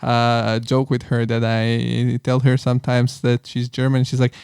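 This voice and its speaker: A man's voice: mid-range voice, monotone, a little slow, creaky, darkish tone, smooth, dry recording, clean studio sound. A man hosting a podcast, asking curious questions in a casual, stumbling way and often restarting his sentences. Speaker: podcast host.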